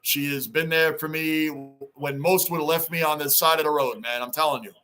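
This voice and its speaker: Middle-aged male stream host, high-pitched, excitable, chatty, repeats lines for emphasis. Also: normal speed. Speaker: livestream host reading fan chat. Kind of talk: casual livestream chat. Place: home basement.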